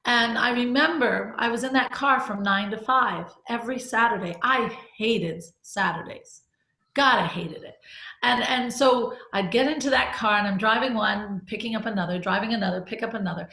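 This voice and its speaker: A woman's voice: a little high, normal speed, creaky, pushed and bright. A middle-aged woman leading a group discussion, telling a personal story in a candid, conversational way. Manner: candid, conversational, with restarts and laughs. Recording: echoey room.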